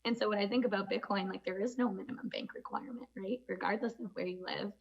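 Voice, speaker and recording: A woman moderating a conference panel, speaking in a measured, conversational way with frequent filler words. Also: medium pitch, steady tone, creaky, muffled recording.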